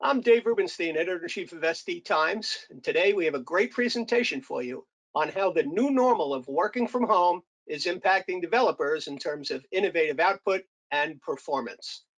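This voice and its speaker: High-voiced man hosting a webinar. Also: animated, brisk, few pauses, a bit bright, poor audio. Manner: formal, announcer-like. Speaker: editor and webinar host. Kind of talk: scripted webinar introduction.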